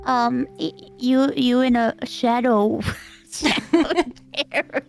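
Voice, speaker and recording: A woman's voice: on the high side, steady tone, slow, vocal fry, faint music behind. A woman guesting on a casual stream chat, nervous, giggly and playful.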